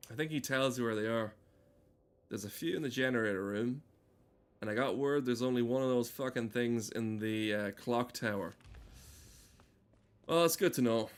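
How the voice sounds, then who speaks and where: A male streamer chatting loosely over his gameplay, cursing freely and cutting himself off mid-sentence. His voice sits at an ordinary middle pitch, neither high nor low. He jokes with his chat as he plays. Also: clear, resonant tone. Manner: rambling, swearing, self-interrupting, joking with chat. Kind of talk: casual gaming stream commentary.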